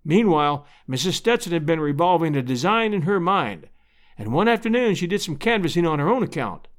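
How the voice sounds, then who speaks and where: A man's voice: a little high, big pitch swings, a little fast. A man reading an old-fashioned story aloud as narrator. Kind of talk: audiobook narration.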